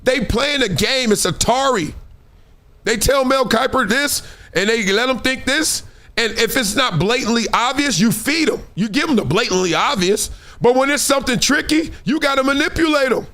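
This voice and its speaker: A man hosting a sports talk show, talking in an animated, slangy monologue and acting out what other people say. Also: very high-pitched, normal speed.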